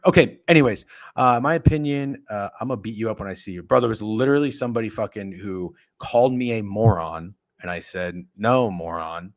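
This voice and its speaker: A man hosting a casual sports betting talk show, ranting and swearing. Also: fairly low pitch. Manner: profane, ranting, animated. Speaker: podcast host.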